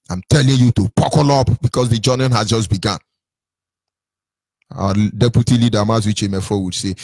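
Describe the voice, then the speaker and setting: A man's voice: fairly low pitch, steady tone, a little fast, a little mellow, no echo, studio quality. A man with a Nigerian accent giving an impassioned address to listeners on a call-in line, preaching and firing off rhetorical questions. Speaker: movement speaker on a call-in line.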